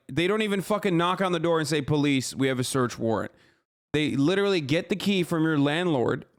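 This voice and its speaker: A man with a high, gravelly, fairly bright voice livestreams his reaction to a news story. He's heated and profane, repeating himself and frequently asking "okay?".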